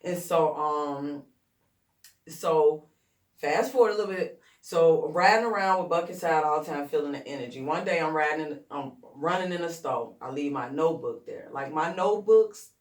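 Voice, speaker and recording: A woman's voice: deep voice, normal speed. A woman from Chicago's west side, a rapper in an interview, telling her story bluntly and profanely with lots of energy. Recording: roomy echo, distant mic.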